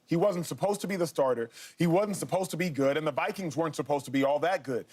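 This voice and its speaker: A man argues on a sports debate panel, pressing his case and circling back to hammer it home. His voice sits a little high for a man. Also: fast, a little mellow, slightly rough. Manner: emphatic, argumentative, repeats points.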